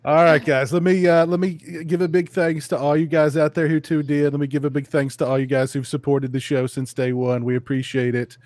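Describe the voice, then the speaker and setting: A man hosting a casual podcast panel, relaxed as he wraps up the show with thanks. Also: a little high, brisk, few pauses, no room sound. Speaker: podcast host.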